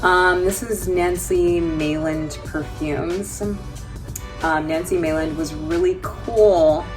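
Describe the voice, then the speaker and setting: Low, unhurried American woman vlogging. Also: fairly even intonation, over music. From New York. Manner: chatty and joking, laughs often, many fillers. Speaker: travel vlogger. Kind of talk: casual vlog chat.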